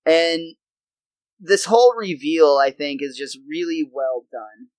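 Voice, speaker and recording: A young man with a fairly high voice recaps a cartoon episode for a podcast, chatty and enthusiastic. The sound is dry and close, with no room behind him. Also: expressive, takes it slowly, a little mellow, no room sound, poor audio. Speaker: podcast co-host.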